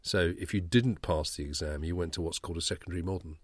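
Deep-voiced male podcast co-host, dry close mic, measured and explanatory. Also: no room sound. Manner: explanatory, thoughtful. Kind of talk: casual chat.

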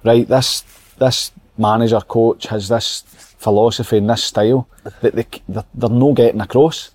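A Scottish man and former player on a football podcast, explaining his views in a measured way. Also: medium pitch, steady tone, a little mellow. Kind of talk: casual football chat.

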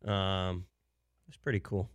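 A young man on a casual show, telling stories in a relaxed way and laughing often. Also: low-pitched, slow pace, clear, resonant tone, dry recording, clean studio sound. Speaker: show regular. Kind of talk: casual chat.

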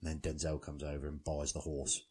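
A man's voice: a bass voice, level tone, normal speed, a little mellow, slightly rough. A man co-hosting a podcast, recapping a film in blunt, sweary, dry casual chat. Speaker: podcast co-host.

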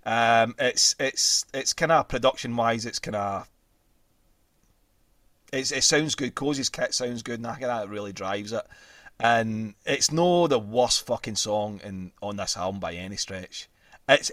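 A man's voice: mid-range voice, a little slow, pushed and bright, dry recording, studio quality. A young Scottish man hosting a casual podcast chat, sweary, laughing often and restarting his sentences. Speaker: podcast host.

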